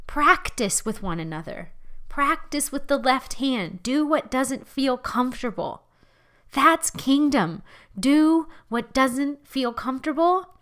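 A woman preaching a sermon in a lively, conversational way, laughing as she talks. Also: a little high.

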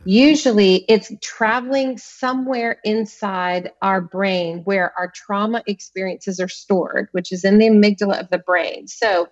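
A woman's voice: mid-range voice, unhurried, few pauses, highs cut off. A woman author as a podcast guest, speaking earnestly and with emphasis, repeating words to stress a point. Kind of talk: podcast interview conversation.

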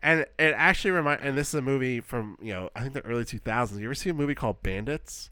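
A man's voice: medium pitch, very fast, pushed and bright, clean tone, no echo, clean studio sound. A man co-hosting a podcast in casual chat, rambling with lots of fillers and acting out his reactions. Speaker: podcast co-host.

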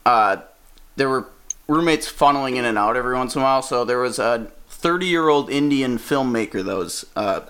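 A man's voice: mid-range voice, moderate pace, clear, resonant tone. A man from Wisconsin, a stand-up comedian, telling a story casually, swearing and laughing as he goes. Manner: profane, animated, laughs mid-story.

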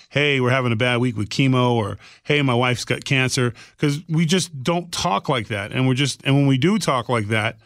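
A man's voice: mid-range voice, fairly bright tone, no room sound, studio quality. A man co-hosting a podcast, telling a story earnestly in casual chat and voicing the people in it. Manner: earnest storytelling with voiced quotes. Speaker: podcast co-host.

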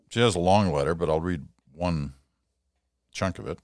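Older guy reading out listener letters, really low voice, dry close sound. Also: moderate pace, long pauses, a little mellow, dry recording. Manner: conversational, explanatory, occasional chuckle. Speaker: podcast host answering listener mail.

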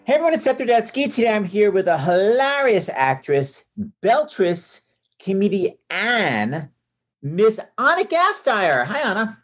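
A man's voice: high-pitched, a little slow. A man in his fifties hosting a podcast, telling chatty stories and acting out other voices with big exclamations. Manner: animated, acts out quoted voices with big exclamations. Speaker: podcast host. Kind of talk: chatty anecdotal storytelling.

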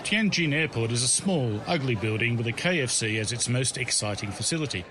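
A man telling his own comic travel story as scripted narration, in a wry, deadpan way. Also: medium pitch, a little fast, music in the background.

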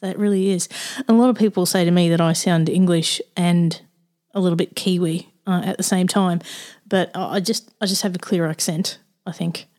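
A woman from Australia with a fairly low voice hosts a relaxed chat over a video call. She is bubbly and laughs often. Her words come in quick repeats.

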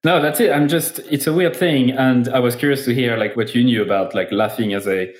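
A man's voice: mid-range voice, fairly quick, roomy sound. A man hosting a marketing podcast in casual interview chat, playful and self-deprecating and heavy on fillers. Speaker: podcast host.

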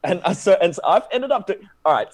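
A young adult man with an Australian accent, a guest actor telling an animated, casual story with lots of laughter. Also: sits high, fast talker, dry recording. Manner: animated, laughing, acts out quoted voices.

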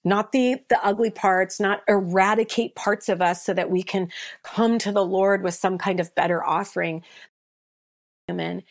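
A woman's voice: medium pitch, fairly even intonation, normal speed. A woman pastor and author as a guest, speaking in an earnest preacher's cadence about faith. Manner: earnest preacher's cadence, voices biblical figures with rising intensity. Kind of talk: passionate faith conversation.

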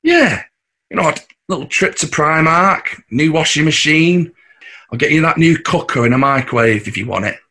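A cocky Manchester husband. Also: male voice, on the high side, animated, moderate pace, bright, forceful tone, exaggerated voice. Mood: scheming. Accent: Mancunian. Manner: cocky, wheedling, coarse. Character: scheming, boastful working-class husband and dad. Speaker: husband and father. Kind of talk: audio drama acting.

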